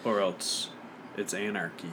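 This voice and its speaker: Low-voiced laid-back man. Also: fairly even intonation, measured pace, noisy background. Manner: laid-back, short replies. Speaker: player. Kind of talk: casual podcast chat.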